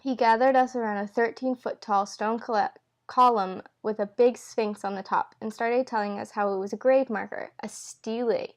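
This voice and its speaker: A woman reading a novel aloud at home in a relaxed, unpolished way. She trips over words, backs up and rereads them. The characters' lines come in her own plain voice. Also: fairly high pitch, normal speed. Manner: stumbles and corrects herself with asides. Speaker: amateur reader. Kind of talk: casual read-aloud of a novel.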